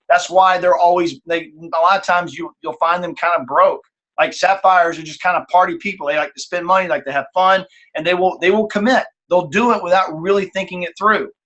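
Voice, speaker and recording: A man leads a team call and coaches in a lively, informal way. He often acts out examples, and his voice sits a little on the high side. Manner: animated, acts out examples in changing tones.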